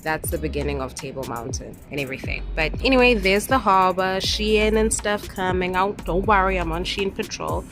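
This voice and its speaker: This young South African woman speaks to her camera in a casual vlog, her voice sitting a little lower than most women's. She tells her stories with animated, indignant expression, swinging between bursts of feeling and quieter asides. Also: normal speed, few pauses, soft background music. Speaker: vlogger.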